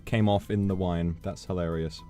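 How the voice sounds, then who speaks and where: A man hosting a casual drinking chat, jokey and animated. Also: low-pitched, normal speed, soft background music. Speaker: streamer host.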